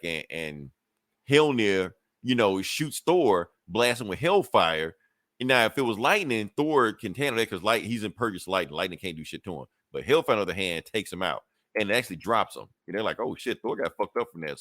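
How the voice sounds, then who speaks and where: Low-voiced man rambling through a comic recap. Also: a bit bright, dry recording, studio quality. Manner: rambling, profane, full of fillers and restarts. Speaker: podcast host. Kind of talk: casual comic book recap.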